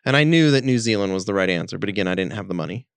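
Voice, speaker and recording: A man's voice: on the low side, very fast, gravelly, clean tone, no room sound. A man co-hosting a podcast, telling a story in casual chat and acting out the quotes with animation. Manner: animated, acts out quoted speech. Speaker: podcast co-host.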